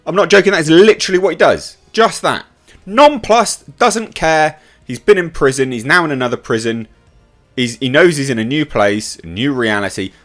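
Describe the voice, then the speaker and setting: A man's voice: on the high side, expressive, normal speed, a bit bright, soft background music. A man giving an exasperated, swearing, rambling film review in a casual online video rant.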